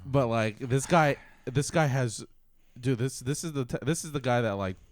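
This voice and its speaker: In a dry, clean studio recording, a man with a mid-range voice co-hosts a podcast at normal speed. The chat is casual and rambling, packed with fillers and swearing.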